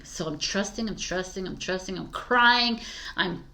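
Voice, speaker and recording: A woman's voice: medium pitch, a little fast, a bit bright. A woman giving a casual tarot reading, chatty and emphatic, laughing often. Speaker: tarot reader.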